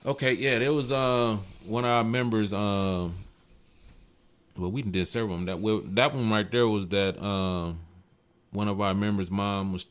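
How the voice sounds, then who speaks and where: A man's voice: moderate pace, clear, resonant tone. A man, a car club president, telling stories in a casual interview and acting out the voices of the people he quotes. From Michigan. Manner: animated, acts out quoted voices with big jumps in pitch.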